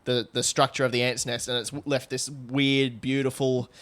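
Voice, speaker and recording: A man's voice: medium pitch, flat delivery, moderate pace, a bit bright. A young man co-hosting a podcast, chatting casually with crude, swearing humour and frequent laughs. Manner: crude, jokey, laughs often, swears freely. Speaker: podcast co-host. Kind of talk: casual comedic chat.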